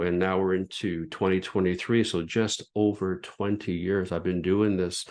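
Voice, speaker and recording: A middle-aged man, hosting a podcast and telling his personal story in an earnest, reflective way with frequent restarts. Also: sits low. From Canada. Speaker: podcast host and former pastor.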